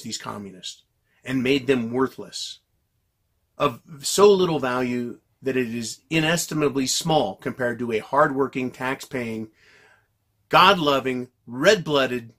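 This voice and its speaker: A man delivering a heated, profanity-laced monologue to his viewers, yelling and venting. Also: medium pitch, a little slow, slightly rough. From United States. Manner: yells and vents angrily, heavy swearing. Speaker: political commentary vlogger.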